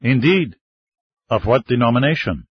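A man's voice: medium pitch, expressive, normal speed, slightly rough, no room sound. A man voicing a formal, courteous male monsignor at an embassy, in an audiobook reading. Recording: dull lo-fi dry recording.

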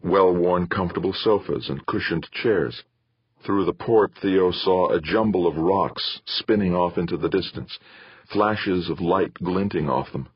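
A man narrating an audiobook in an even, descriptive storytelling manner. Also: low voice, measured pace, breathy edge, dry recording, dull audio. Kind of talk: scripted narration.

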